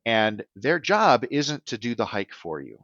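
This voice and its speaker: A man's voice: mid-range voice, big pitch swings, measured pace, a bit bright, no echo, highs cut off. A man who works as a business transition advisor, answering podcast interview questions in an earnest way and often checking in with "right?".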